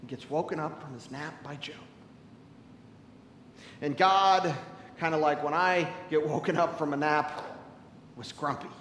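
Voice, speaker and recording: A man preaching a sermon as a pastor, telling stories animatedly and swinging from loud to hushed. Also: on the high side, measured pace, long pauses, reverberant, in a large hall, slight background noise, low-quality recording.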